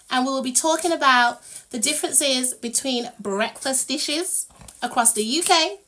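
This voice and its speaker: A woman's voice: sits high, bright, forceful tone. A British woman hosting a casual live stream, bubbly, laughing often and humming little tunes while she waits. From United Kingdom. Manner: bubbly, laughs a lot, hums filler tunes. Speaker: livestream host.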